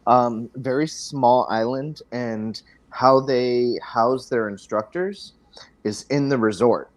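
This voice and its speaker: A man's voice: medium pitch, slow, no echo. A man talking casually as a podcast guest, in a laid-back way with many ums and restarts.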